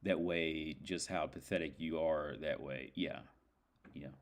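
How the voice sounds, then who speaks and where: Speaking unhurriedly in a very deep voice with fairly even intonation, the man hosting this livestream rambles through a story in casual chat, cursing and using plenty of fillers.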